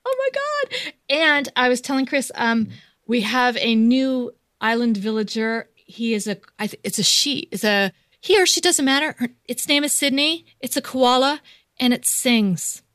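Lady cohost chatting, super lively voice, bit high, dry sound. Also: moderate pace, dry recording. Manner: animated, gushing, lots of mm-hmms. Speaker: podcast co-host. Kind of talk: casual chat.

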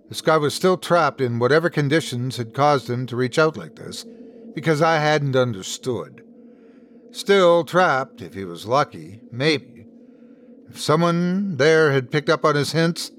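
A man narrates a scary story in the first person as the show's host. His fairly high voice rises and falls a lot as he tells it. A faint hiss runs under the recording. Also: fairly bright tone. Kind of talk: scripted horror story narration.

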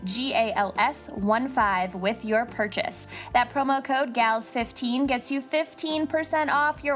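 A woman's voice: on the high side, a bit bright. A woman co-hosting a podcast with friends, chatting casually, reading ads and laughing often. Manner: laughs often, drawls "y'all". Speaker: podcast co-host. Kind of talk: casual chat and ad read.

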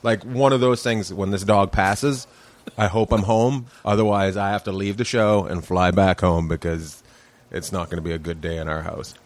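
Low-voiced canadian comedian guy, dry and easygoing, casual podcast chat. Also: steady tone, moderate pace. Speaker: comedian guest.

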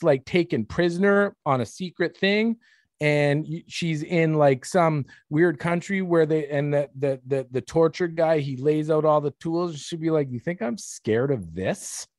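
A man's voice: a little high, no room sound, studio quality. A man, a guest on a talk show, telling rambling, jokey stories in casual chat.

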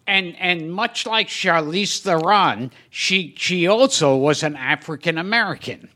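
Male interviewer, bright, animated pitch, teasing questions. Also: a little slow. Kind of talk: interview questions with joking asides.

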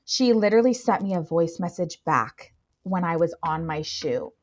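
A woman's voice: lowish voice, moderate pace. A young woman, a plus-size model, telling her story in a casual interview, gushing and full of filler words. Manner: gushing, filler-heavy, excitable.

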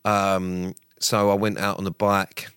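Male podcast co-host, teasing and mock-serious, low and dry. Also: flat delivery, slow pace, fairly bright tone, clean tone, dry recording. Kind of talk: casual chat.

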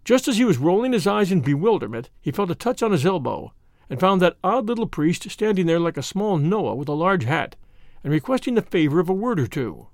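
Expressive male storyteller, dry sound. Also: sits high, fairly quick, dry recording. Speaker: narrator. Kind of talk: scripted narration of a classic mystery.

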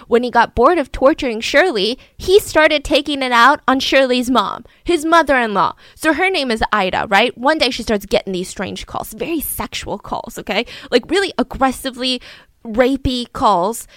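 A woman tells a true crime story in a relaxed, chatty and lively manner, acting out what the people involved said. Her voice is fairly high and her pace is normal, with no echo.

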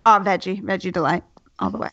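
A young woman telling a personal story in casual chat, candid and lively, swearing freely. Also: on the low side, quick pace, no room sound. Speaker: guest telling her birth story. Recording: dull, dry sound.

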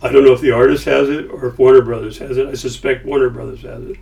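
Speaking fast in a gravelly, medium-pitched voice, a middle-aged founder animatedly recounts a business story and performs the quoted dialogue. He sits somewhat far from the mic, and the highs are cut off.

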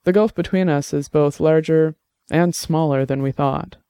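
A man's voice: on the high side, normal speed, dark tone, smooth, no echo, close to an everyday voice. A man voicing a sly, forgiving middle-aged woman in an audiobook drama, with a teasing, earnest manner. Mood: serious.

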